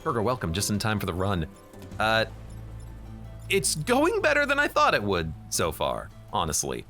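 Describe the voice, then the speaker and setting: A man's voice: fairly low pitch, huge pitch swings, moderate pace, sharp tone, faint music behind. A man streaming a strategy game, thinking aloud as he plans each move and often correcting himself. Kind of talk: live game commentary.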